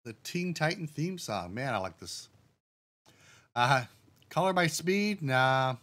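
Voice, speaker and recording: A man livestreams as a game developer, his voice a little high and his pace slow. Relaxed, he thinks aloud while working through settings step by step, now and then addressing his chat directly to answer it.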